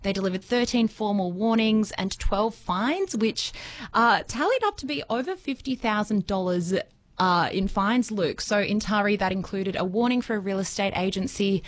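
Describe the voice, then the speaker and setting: A young Australian woman presenting news on regional radio, explaining things clearly in a friendly way, with some filler words. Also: medium pitch, lively intonation, normal speed.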